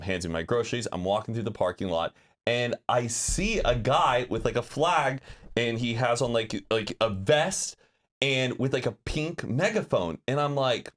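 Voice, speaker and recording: A man in his thirties, a podcast co-host, telling a story in casual chat and acting out quotes in a high voice. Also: normal speed. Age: 30s. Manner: lively, acts out quotes in a high put-on voice.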